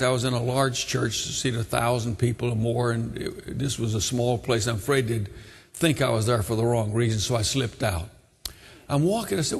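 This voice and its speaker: An older man from Brooklyn with a New York accent, preaching a sermon and telling a story, fervent and at times shouting. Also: mid-range voice, slightly rough. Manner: fervent, rising to shouts in exhortation. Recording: long hall reverb.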